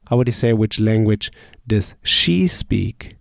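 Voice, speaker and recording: A man teaching German verbs, asking each question, pausing, then saying the answer slowly and clearly. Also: on the low side, lively intonation, no echo, studio quality. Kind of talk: slow drill lesson.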